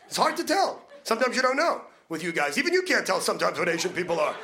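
A male stand-up comedian with a brash, fast-talking manner, needling the crowd from a comedy club stage during a live set. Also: sits high, very animated, pushed and bright. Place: comedy club stage before a laughing audience. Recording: noisy live club recording.

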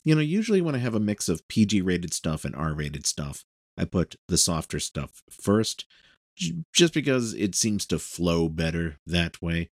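A male radio show host who introduces the clips in a relaxed, offhand way. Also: sits low, a little slow, no echo, studio quality. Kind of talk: casual show hosting.

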